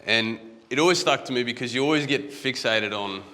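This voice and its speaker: With a mid-range, bright and forceful voice, an Australian guest speaker talks fairly quickly at a conference. His stage talk is casual and anecdotal, with frequent restarts where words get repeated. The large conference hall makes the audio echoey.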